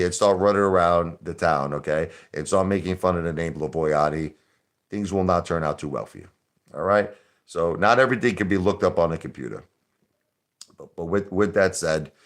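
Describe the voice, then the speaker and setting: Brash, very low-voiced male streamer. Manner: brash, combative, repetitive. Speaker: live-stream host. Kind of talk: casual live-stream rant.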